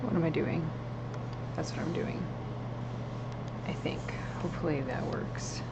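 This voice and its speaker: A woman's voice: low-pitched, a little slow, creaky, lo-fi sound, heavy background noise. A woman streaming her drawing, chatting casually and muttering to herself while she works. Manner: soft-spoken, distracted, mutters to herself while working. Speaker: artist streaming a drawing session.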